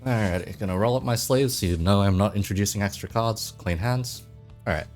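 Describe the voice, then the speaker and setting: A man's voice: fairly low pitch, brisk, a little mellow, faint music behind. A man hosting a casual chat, explaining the rules of a card game and often repeating himself. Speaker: host.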